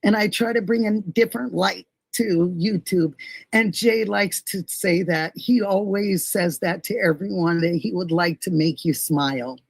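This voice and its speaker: Casting: middle-aged woman, streamer host, gravelly and unhurried, sentimental and chatty, dry close mic. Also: lowish voice, dry recording, rough recording. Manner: gushing, emotional, thanks viewers by name. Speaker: livestream host. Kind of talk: casual livestream chat reading viewer comments.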